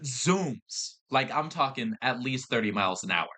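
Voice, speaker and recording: A young man holds the mic on his own podcast and tells stories in a loose, exasperated way, swearing freely and restarting his sentences. His voice has a bright, forceful edge, sitting at an ordinary pitch for a man. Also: animated, moderate pace. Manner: exasperated ranting with profanity and restarts. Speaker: podcast host. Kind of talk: casual storytelling chat.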